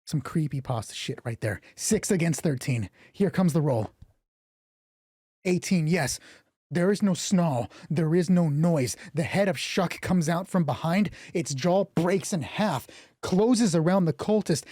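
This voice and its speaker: A man narrating and rolling dice for a solo tabletop game stream, excitable and swearing freely, his voice getting hoarse. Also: fairly high pitch, measured pace, dry recording, clean studio sound. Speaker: game master.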